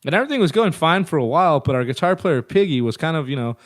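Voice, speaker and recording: A man's voice: a little high, expressive, fast, no room sound, clean studio sound. A man in his thirties telling band stories in a casual, profane, rambling way as an interview guest. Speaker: guest musician.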